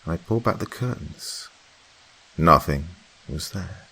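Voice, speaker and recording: A man narrating a first-person horror story in a slow, hushed, dramatic way. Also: low voice, expressive, vocal fry, breathy edge.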